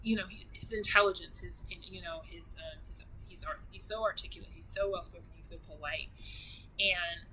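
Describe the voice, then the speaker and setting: A woman's voice: fairly low pitch, normal speed, bright, forceful tone, a little hiss or hum, poor audio. A woman vlogger chatting casually and gushingly, rambling with many restarts. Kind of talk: casual chat.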